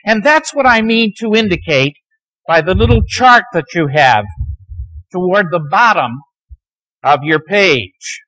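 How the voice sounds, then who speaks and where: A man lecturing a class on the Bible, telling its stories dramatically and sometimes dropping to a near hush. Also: high-pitched, animated, unhurried, rough recording. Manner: dramatic storytelling, dropping to near hushed tones.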